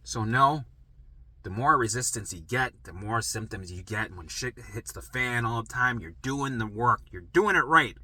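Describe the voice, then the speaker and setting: An animated man teaching recovery in a loose monologue, swearing often. His pitch swings widely and his tone is very bright and sharp. He speaks to the camera while he draws. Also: moderate pace, breathy edge. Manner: swearing, animated, acts out quotes. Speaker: recovery coach.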